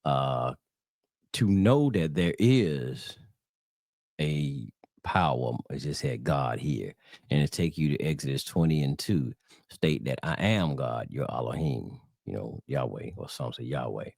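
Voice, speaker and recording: A man's voice: rumbling low, animated, a little slow, vocal fry, darkish tone, no room sound, clean studio sound. A man with a Southern US accent giving a casual religious talk, rambling with fillers and restarts and calling his viewers y'all. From Southern United States. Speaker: religious channel host.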